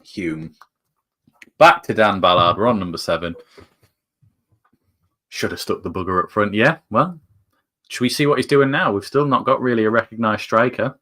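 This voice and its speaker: A northern English man provides jokey, chatty live fan commentary on a football match, his fairly low voice rising sharply as the action builds. He speaks at a moderate pace with long pauses, and his tone is pushed and bright.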